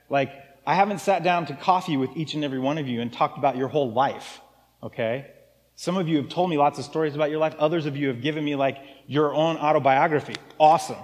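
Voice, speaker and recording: A man's voice: on the high side, in a large hall. A man preaching a casual, joking sermon as pastor of a church. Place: church sanctuary.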